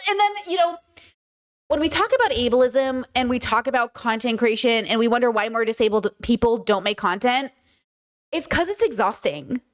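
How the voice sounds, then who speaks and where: A woman's voice: on the high side, normal speed. A worn-out woman streamer talking frankly to her chat about her exhaustion, her voice a bit shaky. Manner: tired, confessional, shaky voice. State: exhausted and drained. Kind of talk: casual livestream chat.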